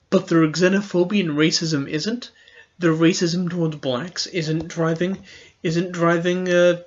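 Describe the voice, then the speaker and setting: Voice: mid-range voice, a little mellow. Sarcastic podcast host rambling thru a solo rant, keeps laughing, kinda muffled audio. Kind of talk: casual political commentary monologue.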